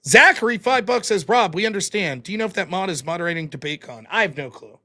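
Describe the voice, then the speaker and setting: A livestream host reads donor names and amounts, tossing off dry quips in reply. His high-pitched voice is expressive and sharp, and he speaks fast in a casual chatting style.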